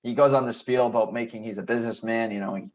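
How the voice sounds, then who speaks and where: A man in casual podcast conversation, walking through the story at an easy pace with plenty of fillers. His voice sits at an ordinary pitch. The recording sounds a little muffled and lo-fi. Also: fast. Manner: relaxed, steady retelling with fillers. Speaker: podcast co-host. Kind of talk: casual recap chat.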